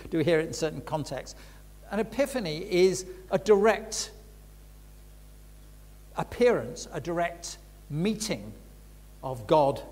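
A little high and husky, this older man's voice carries a reflective Bible teaching as he preaches. He's frank and conversational, leaning on emphatic stresses. The sound echoes with the long reverb of a large hall.

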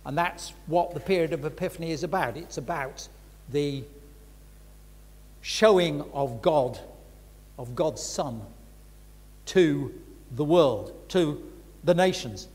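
An older man teaches scripture in a frank, conversational way, leaning hard on key words. His voice is husky and sits a little high for a man. The sound rings with the long reverb of a large hall. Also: takes it slowly, pauses often, darkish tone. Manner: frank and conversational, with emphatic stresses. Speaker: preacher. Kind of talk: reflective Bible teaching talk.

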